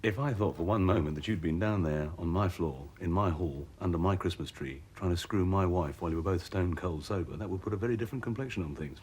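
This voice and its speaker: An actor playing a jealous husband who coldly threatens a rival, with a clipped, quietly menacing delivery. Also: male voice, low-pitched, fast talker, hardly any pauses, a little hiss or hum, lightly acted. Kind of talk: television drama acting.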